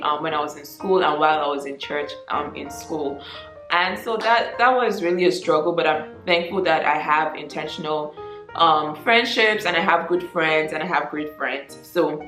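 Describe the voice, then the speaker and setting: A Nigerian woman in her twenties chatting casually to camera as a vlogger, with lots of ums and animated asides. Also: lowish voice, echoey room. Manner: chatty, frequent ums, animated mock quotes.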